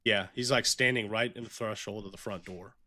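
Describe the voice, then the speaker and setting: A man's voice: fairly low pitch, steady tone, brisk, pushed and bright, dry recording. A young man running a tabletop game as game master, narrating scenes in a casual, vivid, profane way.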